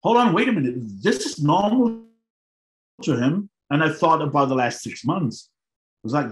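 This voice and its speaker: A man's voice: on the high side, very animated, a little slow. Middle-aged guy telling his story to a crowd, acts out his old thoughts, roomy echo. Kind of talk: personal storytelling talk to an audience. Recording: roomy hall sound.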